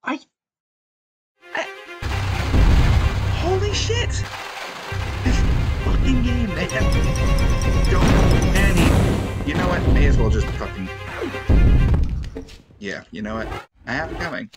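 A man's voice: a little high, sing-song, slow, long pauses. A young man streaming a video game, groaning, sighing and swearing in frustration as he plays. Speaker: gaming streamer. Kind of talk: frustrated let's-play commentary. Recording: game music loud behind voice.

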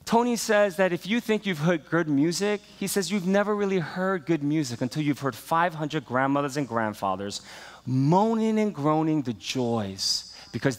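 A male pastor preaching a sermon in a relaxed, storytelling way, full of fillers, that builds to enthusiasm. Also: mid-range voice, big-room sound. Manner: conversational storytelling with many fillers and rising enthusiasm. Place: church sanctuary.

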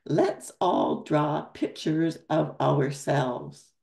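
A woman reading aloud as a cheerful young boy who leads his friends at play, in her own slow, gravelly storybook voice. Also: low voice, darkish tone, exaggerated voice.

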